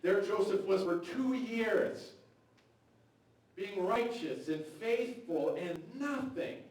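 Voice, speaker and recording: A man's voice: high-pitched, expressive, takes it slowly, a little mellow. A man preaching a sermon in a church, talking in a loose, conversational way and acting out quotes from the story. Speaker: pastor. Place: church sanctuary. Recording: very echoey hall, mic far off.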